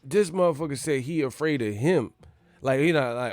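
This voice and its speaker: Man, boxing channel host, brash, animated, heavy swearing, dry close sound. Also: medium pitch, moderate pace, dry recording. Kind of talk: casual profane commentary.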